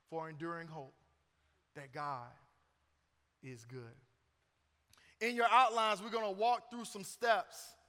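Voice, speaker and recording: A man's voice: high voice, pushed and bright. A middle-aged man preaching a sermon as pastor, joking and conversational between emphatic points. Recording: long church reverb.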